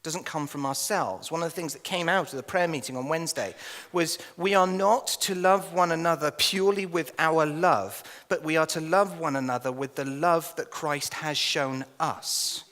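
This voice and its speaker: An English man preaching a sermon as minister, animated and jokey, telling stories with laughs and acted asides. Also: on the high side, normal speed, in a large hall. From England. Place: church hall.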